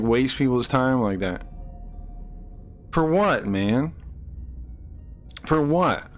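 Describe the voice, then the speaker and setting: A man streaming live, ranting angrily at people in his chat, swearing and repeating himself. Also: medium pitch. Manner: angry, profane, repeats himself, rising to shouts.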